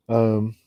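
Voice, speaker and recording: This man from Chicago hosts a paranormal livestream, chatting in a casual, laid-back way with viewers and calling on spirits. His voice sits on the low side with a warm tone, captured in a dry recording.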